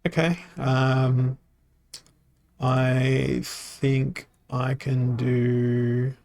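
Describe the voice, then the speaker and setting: A man streaming a card game, thinking aloud in a halting, self-mocking way, his voice tired and worn from talking. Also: mid-range voice, little pitch movement, gravelly, a little mellow, no room sound. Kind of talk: casual live-stream commentary.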